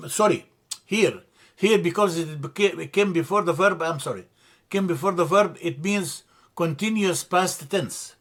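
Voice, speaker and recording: A man teaching a language lesson from slides, slow and deliberate, repeating terms and correcting himself as he explains. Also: high voice, a bit bright. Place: church classroom.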